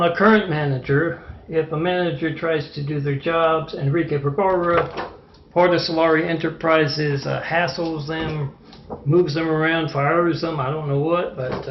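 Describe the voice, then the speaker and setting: A man with a slightly high, gravelly voice rambles through an agitated monologue, stumbling over fillers as he goes. The sound is muffled and lo-fi, bouncing around a reverberant room. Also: slight background noise. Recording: echoey, muffled lo-fi room recording.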